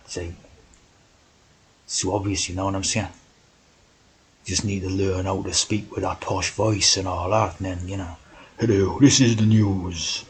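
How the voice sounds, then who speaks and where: A man's voice: low voice, rough recording. A man talking in a rambling monologue, constantly tagging his sentences with "right?" and "you know".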